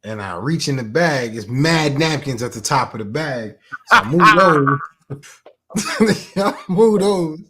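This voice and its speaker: A man co-hosting a casual podcast, telling a story in a laid-back, often quiet way. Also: a little high. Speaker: podcast co-host.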